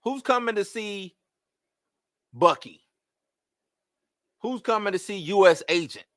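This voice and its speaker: Guy ranting on his stream, high bright voice, lots of "who's coming to see", dry room. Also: slow pace, no room sound. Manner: animated, rhetorical questions, exasperated. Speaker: host of a live movie-news show. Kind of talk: casual live-stream commentary.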